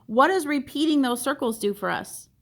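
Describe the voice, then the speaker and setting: Higher-voiced woman teacher questioning a class. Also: lively intonation, normal speed, a bit bright. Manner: questioning, repeats students' answers back. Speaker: art teacher. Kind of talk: classroom discussion.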